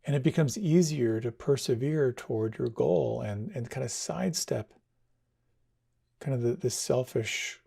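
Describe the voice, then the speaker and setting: A man giving a dharma talk as a meditation teacher, speaking in a gentle, reflective way. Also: mid-range voice, unhurried, creaky, husky. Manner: gentle, reflective, tells stories with quoted dialogue.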